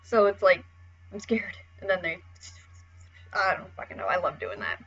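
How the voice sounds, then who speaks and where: A woman casually explaining how to draw expressions, chatty and relaxed, with the odd swear. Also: on the low side, normal speed, highs cut off, soft background music. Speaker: art tutorial host. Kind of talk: casual drawing tutorial.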